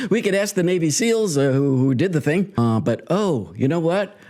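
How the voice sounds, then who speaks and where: A man's voice: a little high, very animated, normal speed, darkish tone. A man hosting a crude, sarcastic comedic commentary rant. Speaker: host.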